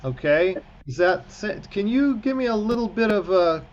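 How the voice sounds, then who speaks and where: With a high-pitched voice, lively intonation, and normal speed, a cantor guides an online class through prayer book reading. The highs are cut off on the video call, and he keeps things encouraging and chatty with humorous asides.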